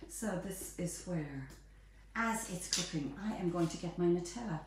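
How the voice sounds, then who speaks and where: A woman's voice: lowish voice, a little slow. Chatty woman in echoey kitchen. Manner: chatty, playful, bubbly asides. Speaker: home baking host. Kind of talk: live cooking demonstration. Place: home kitchen. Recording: echoey kitchen, distant mic, faint noise.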